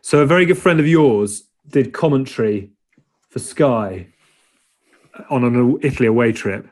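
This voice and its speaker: A man's voice: mid-range voice, unhurried, darkish tone. Dry, teasing podcast host, a man. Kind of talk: casual hosting chat.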